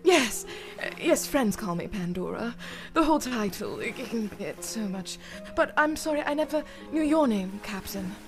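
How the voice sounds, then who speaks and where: A woman's voice: a little high, animated, normal speed, music in the background. A woman voicing a theatrical female necromancer who plays the weeping damsel, melodramatic and flirtatious. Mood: coy.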